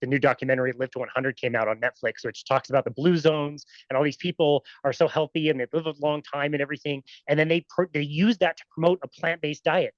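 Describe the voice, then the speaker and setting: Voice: mid-range voice, steady tone, fast talker, few pauses, dry recording. A podcast host chatting casually and asking questions with enthusiasm. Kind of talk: casual interview chat. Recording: dull, dry lo-fi sound.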